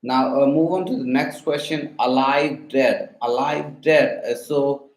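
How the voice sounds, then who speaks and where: A man's voice: medium pitch, fairly even intonation, measured pace, echoey room, rough recording. A man quizzing a voice assistant on linguistics, hesitant, with many fillers and restarts. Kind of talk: spoken questions to a voice assistant.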